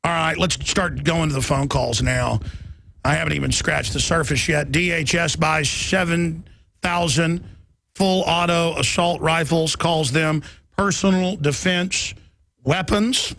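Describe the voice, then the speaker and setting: A middle-aged man hosting a talk radio show, ranting in a heated, rapid political monologue. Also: a little high, steady tone, gravelly, a bit bright.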